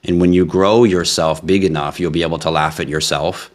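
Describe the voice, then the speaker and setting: A man's voice: low-pitched, fairly even intonation, a little fast. A man hosting a live stream, chatting casually and with animation straight to his viewers. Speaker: livestream host.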